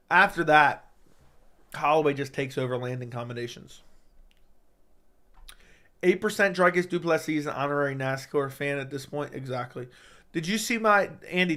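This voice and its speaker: A man hosting a casual livestream, reading viewer questions out loud and answering them in a chatty, joking way. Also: a little high. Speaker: livestream host.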